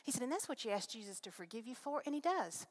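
A middle-aged woman speaking to a congregation, telling her faith story in an earnest, animated way, voice rising when excited. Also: a little high, fast talker. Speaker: guest speaker. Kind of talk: testimony sermon.

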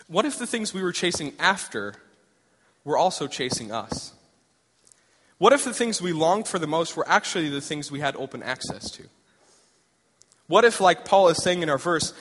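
A man's voice: a little high, a bit bright, breathy edge. Young male preacher in an echoing hall. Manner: conversational and storytelling, with rhetorical questions. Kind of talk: sermon. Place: large church hall. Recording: echoey hall.

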